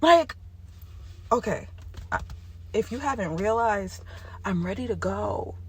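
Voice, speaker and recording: A woman vlogger talking straight to the camera in an impassioned monologue, jumping from yelling to hushed tones. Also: medium pitch, animated, takes it slowly.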